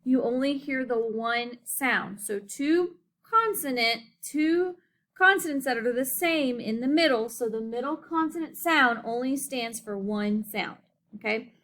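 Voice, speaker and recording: A woman teaching a phonics lesson to children, enunciating slowly and clearly and often checking in with "okay?". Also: sits high, lively intonation, a bit bright.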